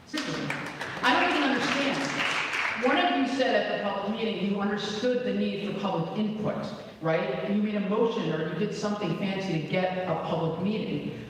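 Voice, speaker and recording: A man's voice: high-pitched, brisk. A man, a parent and chemistry teacher, giving a frustrated, impassioned public comment at a town meeting. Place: large church meeting hall. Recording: very echoey hall from far off.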